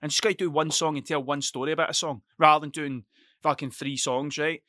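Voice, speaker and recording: A man's voice: on the high side, fairly quick, dry recording, studio quality. A man with a Scottish accent hosting a casual podcast monologue at his computer desk at home, rambling and swearing freely as he tells stories. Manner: sweary, rambling, animated storytelling. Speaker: podcast host.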